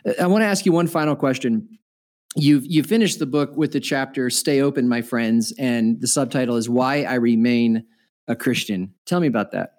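A man's voice: medium pitch, moderate pace, a little mellow. Man hosting a podcast interview. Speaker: podcast host. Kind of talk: interview question.

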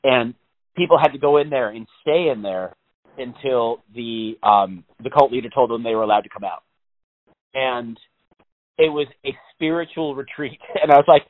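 A man's voice: mid-range voice, moderate pace, dry recording. A man in casual, profane chat, rambling through stories and laughing often. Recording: phone-like narrow band.

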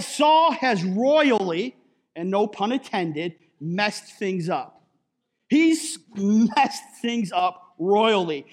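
High-voiced pastor, slow and chatty. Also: male voice, a bit bright. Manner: conversational, keeps adding "right?"; jokey asides. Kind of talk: sermon.

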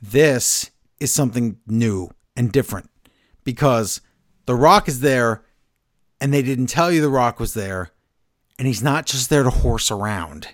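An excitable man co-hosting a casual podcast, retelling events with a lively, swooping voice. He is recorded close and dry, with no room sound. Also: mid-range voice, measured pace, no echo. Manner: excitable storyteller, recaps scenes and acts out quotes. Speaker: podcast co-host. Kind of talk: casual wrestling podcast chat.

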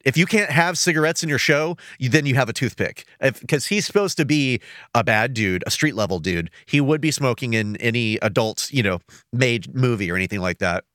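A man's voice: mid-range voice, a bit bright, no echo, studio quality. A man hosting a podcast, chatting casually and rambling through asides. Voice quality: rambling, self-interrupting. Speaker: podcast host. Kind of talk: casual chat.

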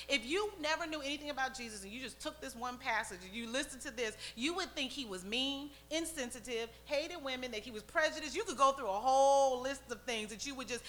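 High bright-voiced woman pastor preaching. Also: slight background noise. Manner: preaching with call-and-response questions to the congregation; acts out the voices of people in a scripture story. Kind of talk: sermon.

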